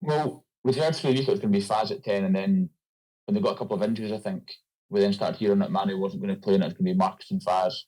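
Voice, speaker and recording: A man's voice: on the low side, very fast, darkish tone, rough recording. A young Scottish man, a rugby player, chatting loosely as a guest with many fillers. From Scotland. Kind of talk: casual interview chat.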